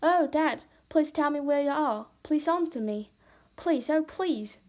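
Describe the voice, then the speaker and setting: A woman's voice: high voice, animated, measured pace, a little mellow, voice pushed up. A woman voicing a frightened young boy in a storybook, calling out and pleading. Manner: pleading, raised calls.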